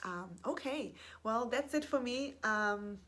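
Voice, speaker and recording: A woman giving an effusive faith testimony to camera. She often restarts her sentences, reads scripture aloud more softly, and closes with blessings over her listeners. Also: fairly high pitch, lively intonation, slow pace. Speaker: Christian speaker sharing her testimony.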